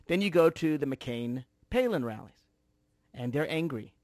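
A man's voice: on the high side, expressive, a little slow, a little mellow, no room sound. A man hosting a political talk radio show, delivering an emphatic, sarcastic monologue from a studio.

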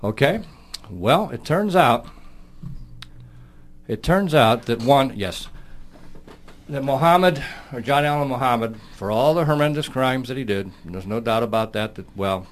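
Guy on talk radio arguing a point hard, emphatic, mid-pitch voice. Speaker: talk show co-host. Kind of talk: political talk radio debate.

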